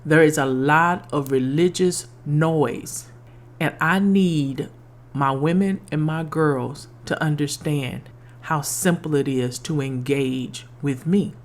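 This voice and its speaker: A woman's voice: low-pitched, slow. A middle-aged woman hosting a podcast, telling a personal faith story in an earnest, testimonial way and repeating lines for emphasis. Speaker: podcast host.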